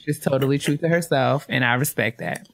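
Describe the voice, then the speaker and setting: A woman co-hosting a podcast in casual chat, chatty and quick to laugh as she gives shout-outs to listeners. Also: very deep voice, creaky. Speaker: podcast co-host.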